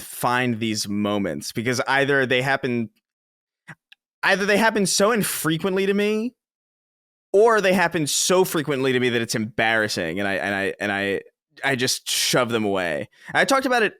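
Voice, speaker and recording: A man's voice: medium pitch, fairly bright tone, no echo, clean studio sound. A man from the Bronx telling rambling, self-mocking stories as a guest on a casual podcast, cursing freely.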